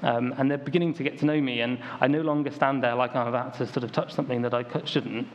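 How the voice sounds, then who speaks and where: A young man from the United Kingdom speaks fast at medium pitch, with fairly even intonation, as he preaches. His casual sermon unfolds like a story for the congregation, dotted with ums and likes. The audio is a dull lo-fi recording with faint ambient noise.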